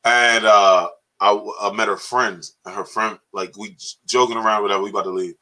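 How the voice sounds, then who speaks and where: A man's voice: on the low side, fairly even intonation, brisk, bright, forceful tone, poor audio. A man co-hosting a podcast, telling jokey stories in casual banter and laughing often. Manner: joking storyteller, drops into quoted voices, laughs often. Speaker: podcast co-host.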